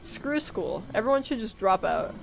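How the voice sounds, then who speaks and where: Jumpy and quick to curse when the game goes badly, this young streamer keeps talking to her chat. Her medium-pitched voice swings widely in pitch and has a creaky quality at a moderate pace, with slight background noise.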